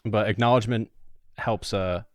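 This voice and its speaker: A young man co-hosts a podcast in easy casual chat, his voice sitting a bit low. He strings stories together loosely, filling gaps with "like". The sound is dry and close. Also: steady tone, normal speed, no echo. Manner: rambling storytelling with many "like"s. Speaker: podcast co-host.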